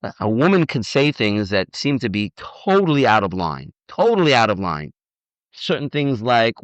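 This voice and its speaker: A man giving an informal lecture as a rabbi, animated and repetitive, often acting out little dialogues, on a dull, dry recording. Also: medium pitch, moderate pace, dry recording. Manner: animated, repeats words, acts out dialogue. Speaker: rabbi teaching on marriage. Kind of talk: informal lecture with audience questions.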